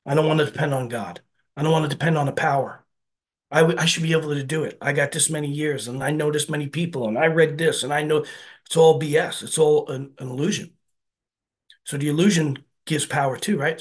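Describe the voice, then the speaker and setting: A man shares at a recovery meeting, his voice husky and mid-pitched. His talk is sincere and chatty, and he repeatedly asks his listeners "right?" to check in with them.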